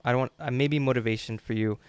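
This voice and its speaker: Smooth-voiced man hosting a podcast. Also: mid-range voice, fast talker, no echo. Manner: relaxed, friendly, short affirmations. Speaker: podcast host. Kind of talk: casual interview.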